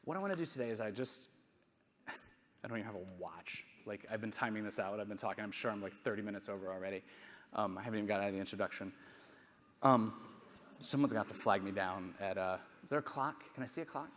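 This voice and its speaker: A man's voice: on the low side, fast, a bit bright, a little hiss or hum. A man, a math teacher, giving a conversational conference talk full of rhetorical questions and self-deprecating asides. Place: conference hall. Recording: echoey hall.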